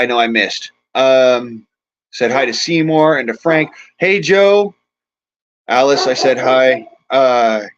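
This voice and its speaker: A man's voice: a little high, fairly bright tone. A middle-aged man hosting a livestream, ranting in a profane, agitated way, shaken and angry. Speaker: livestream host. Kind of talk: angry livestream rant and chat greetings. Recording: dull lo-fi stream audio.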